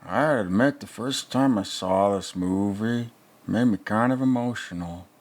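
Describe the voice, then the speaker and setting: A man putting on a crude old movie reviewer who rambles through a film with sarcastic, profane asides. His voice sits very low and he drawls along at an unhurried crawl, as if thinking aloud between scenes. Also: darkish tone, natural voice. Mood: rambling. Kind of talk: comedic reaction commentary.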